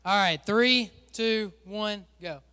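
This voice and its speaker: High-voiced joking pastor, a man. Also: takes it slowly, bright, forceful tone, clear, resonant tone, big-room sound. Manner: joking, chatty, teasing the volunteers. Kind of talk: playful sermon with a stage game. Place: church stage.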